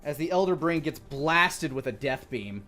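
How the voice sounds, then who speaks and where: A man running a tabletop role-playing game as dungeon master, narrating scenes in a relaxed, descriptive way with playful sound-effect noises. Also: a little high, moderate pace, faint music behind.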